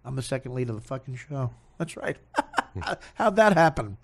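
A man's voice: mid-range voice, big pitch swings, moderate pace, gravelly. A man on a comedy podcast, ranting in a self-mocking, exasperated way.

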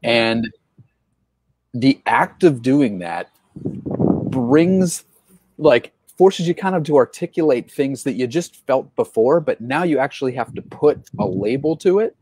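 A man's voice: medium pitch, expressive, unhurried, a little mellow, husky, no echo. A man hosting an interview, talking in a thoughtful, casual way and often saying "man" and "like". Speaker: podcast host. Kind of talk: conversational interview.

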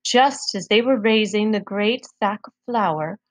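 A woman reading a folktale aloud to children, expressive and measured. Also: mid-range voice, no room sound. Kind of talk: children's storybook read-aloud.

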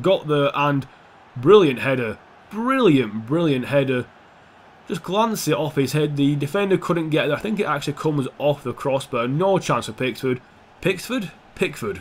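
A man's voice: medium pitch, a little hiss or hum. Sweary man commentating a football game. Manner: swears a lot, excitable, sarcastic jokes. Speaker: gaming commentator. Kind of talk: casual gameplay commentary.

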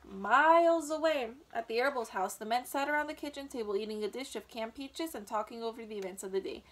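A woman's voice: fairly high pitch, fast. Woman reading a children's book aloud. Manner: gentle, with small slips and restarts.

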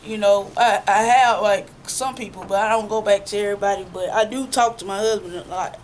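A married woman in a church class telling about her own experiences, animated and laughing between phrases. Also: medium pitch, brisk, a little hiss or hum. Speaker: class member. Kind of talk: sharing in a church class discussion.

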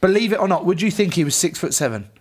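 A man's voice: sits high, very animated, fast talker. Sweary, blunt man bantering. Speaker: rugby player guest. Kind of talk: casual podcast banter.

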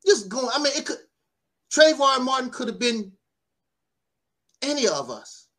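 A man's voice: very high-pitched, sing-song, unhurried, a bit bright. A man speaking in an emotional personal monologue, tearful and heated, with a preacher-like cadence. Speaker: online commentator.

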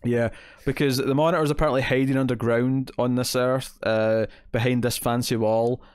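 In a clean studio with no room sound, this podcast co-host speaks at a moderate pace in a medium pitch with little pitch movement, his tone darkish, clear, and resonant. He rambles casually through TV episode reviews, full of fillers and quoted asides.

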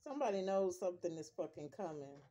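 A woman's voice: lowish voice, expressive, fast, dark tone. A grandmother reading tarot cards casually to her viewers, in a blunt, profane and emphatic way, repeating her points. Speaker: tarot reader.

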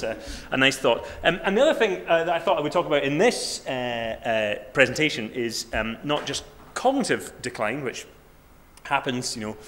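A Scottish man in his twenties giving an academic talk, halting with many fillers and restarts and a wry, self-deprecating humour. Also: mid-range voice, fairly bright tone. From Scotland. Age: 20s. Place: lecture room.

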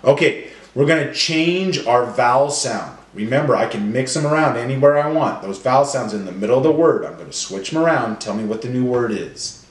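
A man leading a children's phonics lesson, slowly stretching out sounds and syllables. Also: medium pitch, animated, reverberant, a little hiss or hum. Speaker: teacher. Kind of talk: phonemic awareness lesson for children.

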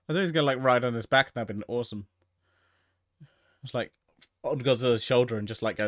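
A man giving casual, joking movie commentary, swearing freely and reacting loudly to the action. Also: medium pitch, fast, pauses often, no echo, studio quality. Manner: jokey, profane, excitable.

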